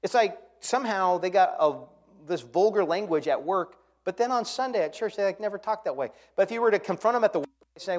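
A man's voice: high voice, animated, fast, few pauses. Impassioned man preaching a sermon. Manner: impassioned, swings from soft to loud. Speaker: pastor.

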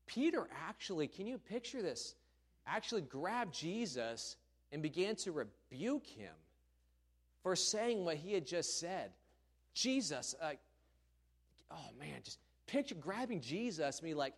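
A man's voice: on the high side, sing-song, measured pace, husky. A man preaching a sermon, telling a story emphatically and expressively.

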